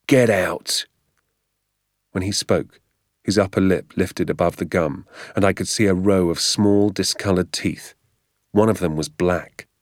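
A man narrating a storybook audiobook in a measured, even reading voice, voicing the dialogue himself. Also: low voice, no room sound, studio quality.

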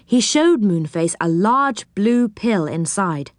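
A woman reading a children's storybook aloud in a gentle, measured way. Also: mid-range voice, expressive, no echo, studio quality. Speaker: narrator.

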